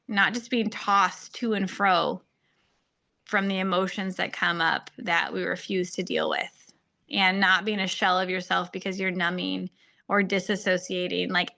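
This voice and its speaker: A woman's voice: medium pitch, vocal fry, bright, forceful tone. A woman hosting a faith-based podcast, talking earnestly and heartfelt in a casual monologue, with plenty of "like" and "um". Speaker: podcast host and faith-based marriage coach.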